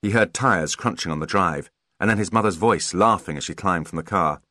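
A low-voiced man tells a story for an audiobook, reading from a script with measured, expressive delivery. There's no room sound, and the studio audio is clean.

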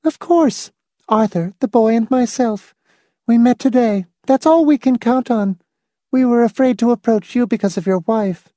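A man's voice: very high-pitched, moderate pace, warm tone, no echo, studio quality, pitched above the performer's own voice. A man doing a clipped, urgent woman conspirator. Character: tense, blunt woman conspirator, middle-aged.

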